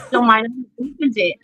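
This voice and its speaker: A woman's voice: on the high side, sharp tone, no room sound. Blunt, foul-mouthed woman telling stories. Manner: blunt, profane storytelling. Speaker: podcast host. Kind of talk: casual chat. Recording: dull lo-fi sound.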